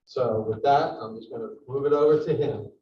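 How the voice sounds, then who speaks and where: A man introduces a speaker at a talk, relaxed and full of fillers. He sounds distant and a little muffled, and the room echoes noticeably. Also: mid-range voice, a little fast, a little hiss or hum. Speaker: event host. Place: lecture room.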